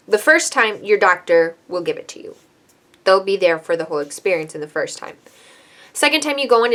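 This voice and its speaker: A woman's voice: medium pitch, fairly bright tone. A woman in her twenties, a hairstylist, telling a personal story in a candid, emotional, chatty vlog style.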